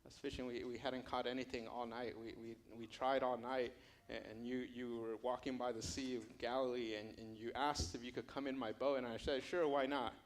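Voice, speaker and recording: Peter, an outspoken fisherman turned disciple, as a male preacher puts him on. He confesses humbly, tripping over restarts. His pitch stays in a plain middle register. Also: flat delivery, a little fast, few pauses, natural voice. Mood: humble.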